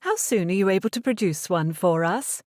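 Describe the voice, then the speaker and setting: In an audiobook, a woman narrator voices a stern, controlling middle-aged mother in an imperious, clipped, anxious and insistent way. Her medium-pitched voice is animated, a little mellow and close to an everyday voice, at normal speed. The recording is dry and clean studio sound, with the voice pushed up.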